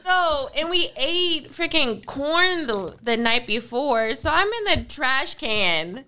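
A woman in her thirties co-hosting a casual podcast chat, telling stories in an animated way and acting out the quotes. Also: high voice, slow pace. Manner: animated storyteller, acts out quotes. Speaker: podcast co-host.

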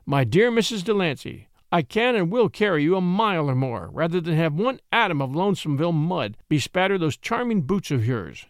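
Gallant young attorney, storybook, narrator plays him. Courteous, animated pitch, dry close mic. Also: male voice, fairly quick, hardly any pauses, no echo. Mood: cheerful.

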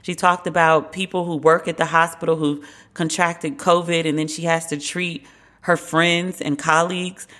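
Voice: mid-range voice, level tone, moderate pace, a bit bright. A podcast host giving casual, candid commentary alone, wry and opinionated, with slangy asides.

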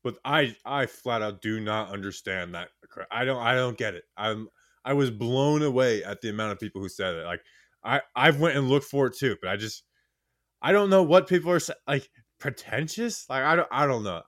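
A man's voice: medium pitch, animated, brisk, a bit bright, dry recording, clean studio sound. A young man co-hosting a sports podcast, talking loosely and teasing his partner, with lots of fillers. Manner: teasing, loose, full of fillers like "you know". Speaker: podcast co-host. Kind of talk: casual sports podcast chat.

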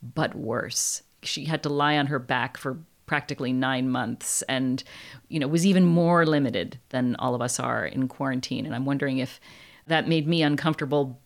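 A woman in casual book talk, thoughtful and measured with a wry edge. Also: rumbling low.

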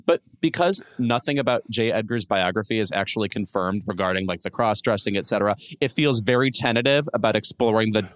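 A man's voice: fairly low pitch, expressive, brisk, hardly any pauses, a bit bright, no echo. A man co-hosting a podcast in casual chat, opinionated and teasing with a wry edge. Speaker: podcast co-host.

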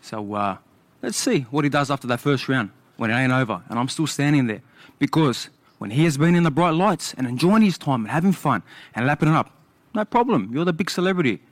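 A man with a mid-pitched voice speaks as a boxing challenger at a press conference. He is defiant and determined, and he heckles the champion. The sound is dry. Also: expressive, a little fast, no room sound. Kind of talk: press conference trash talk.

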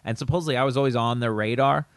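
A man's voice: very fast, no echo. A male comedian and podcast co-host telling stories in casual chat, acting out quoted lines with a raised voice. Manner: animated storyteller who acts out quotes in a raised pitch.

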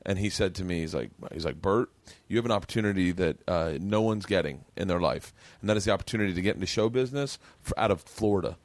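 Fast-talking low-voiced man spinning a story. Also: no room sound. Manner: animated, acts out quoted people in his stories. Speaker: podcast host. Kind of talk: casual storytelling chat.

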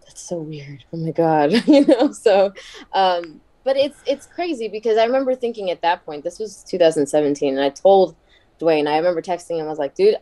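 Woman, 30s, podcast guest; low mellow voice, chatty storyteller who laughs often. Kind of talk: casual podcast interview storytelling.

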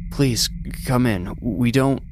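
A man's voice: medium pitch, takes it slowly, noisy background, pitched above the performer's own voice, lightly acted. A man voicing an alarmed, bossy father who bellows commands, with music underneath.

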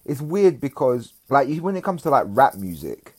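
A man's voice: mid-range voice, sing-song, normal speed, a little mellow. A young man, chatting as a comedian guest on a podcast in a laid-back, slangy, rambling way. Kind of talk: casual podcast chat.

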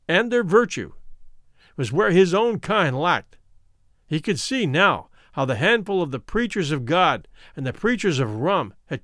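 Male story narrator, dramatic and expressive, slightly high voice, very lively pitch. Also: dry recording, studio quality. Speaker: audiobook narrator.

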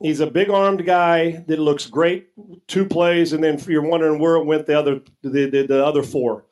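A man's voice: fairly high pitch, steady tone, normal speed, a little mellow, low-quality recording. A man co-hosting a sports talk show, arguing emphatically and casually with some profanity, often repeating words as he starts a sentence.

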